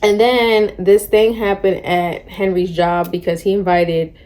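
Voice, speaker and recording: A young woman in her twenties, a book vlogger, talking through a novel in a chatty, slangy, animated way. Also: mid-range voice, measured pace. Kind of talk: casual book discussion.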